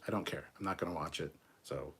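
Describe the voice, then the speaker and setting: A man's voice: very deep voice, fast, a bit bright, slight background noise. A man hosting a casual livestream, reading viewer comments and answering them in a blunt, profane, argumentative way.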